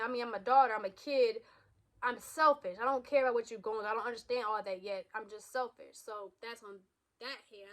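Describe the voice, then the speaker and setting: Woman in her 30s vlogging, raw and blunt, keeps restarting, fairly high voice. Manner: raw, emotional, blunt with swearing and many restarts. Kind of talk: candid personal vlog.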